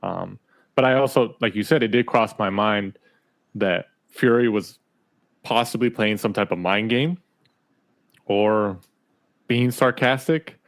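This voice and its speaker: Low-voiced man asking questions. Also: unhurried, pauses often. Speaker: podcast co-host. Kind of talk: casual boxing chat.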